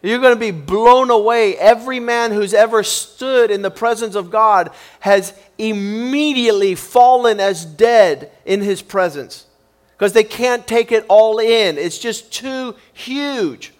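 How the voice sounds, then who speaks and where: Pastor, male, high voice, preaching with emphatic, repetitive force. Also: measured pace. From Cuban upbringing. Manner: emphatic, repetitive, building in intensity. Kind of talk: sermon.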